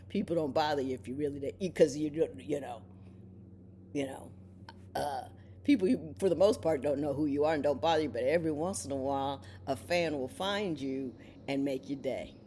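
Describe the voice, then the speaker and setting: A middle-aged woman, a television judge, telling a casual story at home and acting out the people she quotes. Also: slight background noise. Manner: animated storyteller, voices quoted people with big pitch jumps. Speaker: television judge turned podcaster.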